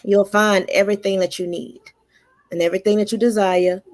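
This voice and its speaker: A woman tarot reader talking casually on a radio show, animated and affirming, often laughing. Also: medium pitch, a little fast.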